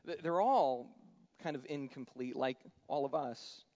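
A man preaching a sermon in a conversational style, moving between loud emphatic lines and soft, quiet ones. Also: medium pitch, a little slow. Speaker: pastor. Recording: dull lo-fi sound.

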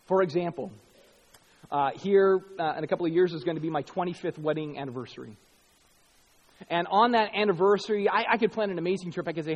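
High-voiced pastor preaching in a reverberant hall. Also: male voice. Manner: animated storytelling, acting out quoted lines. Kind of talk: sermon.

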